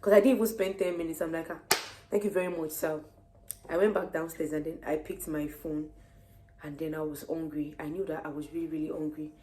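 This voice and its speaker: Pregnant nigerian woman chatting to camera, lowish voice, acts out the convos. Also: fairly quick. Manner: lively, animated retelling of conversations. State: heavily pregnant. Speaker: vlogger. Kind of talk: casual storytelling to camera.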